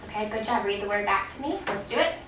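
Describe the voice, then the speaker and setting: A woman's voice: medium pitch, expressive, fast talker, distant mic, noisy background. A woman presenting a teacher training workshop on reading, explaining patiently with frequent ums. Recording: echoey room, voice off-mic.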